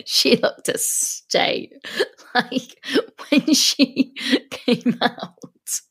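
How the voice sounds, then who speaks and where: A woman co-hosting a podcast in casual chat, animated and laughing as she acts out characters in funny voices. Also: sits high, drawn-out words, husky. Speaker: podcast co-host.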